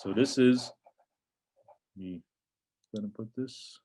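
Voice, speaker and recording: A patient man teaches Arabic grammar in a casual lesson, explaining textbook examples by reading Arabic sentences aloud, then translating, and repeating words. His voice is low, slow, and dark in tone.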